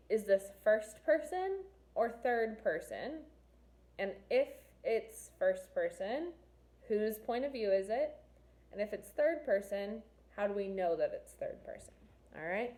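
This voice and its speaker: A woman's voice: mid-range voice, a little mellow. A woman teacher reading a novel aloud to her class, stopping to quiz students and explain figures of speech in a chatty way. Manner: chatty, asks students questions, pauses to explain figurative language.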